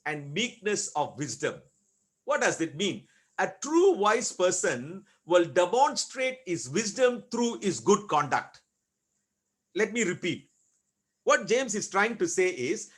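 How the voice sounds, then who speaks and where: A man preaching a sermon as pastor, asking rhetorical questions and repeating key words with slow, deliberate emphasis. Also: high voice, a bit bright.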